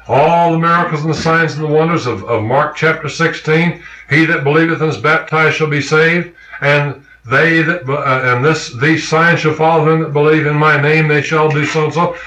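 Male preacher, slightly high, emphatic sermon delivery, echoey church sound. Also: bright, forceful tone. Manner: emphatic, questioning the congregation.

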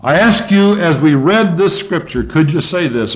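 Captured in a dull lo-fi recording, a man preaches a sermon and reads scripture aloud. Animated and at a moderate pace, he swings his pitch and volume up and down as he goes.

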